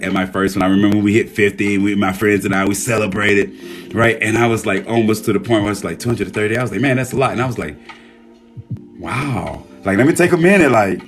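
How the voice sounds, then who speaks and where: A hoarse man hosting a casual livestream, reading out viewer names and speaking earnestly, with frequent swearing. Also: on the low side. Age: adult, a military veteran. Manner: warm shout-outs reading viewer names. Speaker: livestream host.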